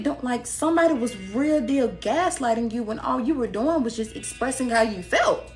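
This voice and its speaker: A woman's voice: fairly high pitch, animated, moderate pace, soft background music. Sassy blunt woman giving a reading. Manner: sassy, blunt, laughs often, acts out quoted people. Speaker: tarot reader. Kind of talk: casual spiritual reading to viewers.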